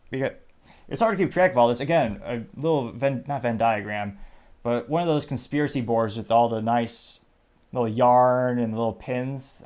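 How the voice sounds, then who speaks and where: A man's voice: medium pitch, darkish tone. A man hosting his own commentary show, reading social media posts aloud in a wry, rambling way with asides. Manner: wry, rambling, reads quotes aloud with "quote, unquote". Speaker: show host.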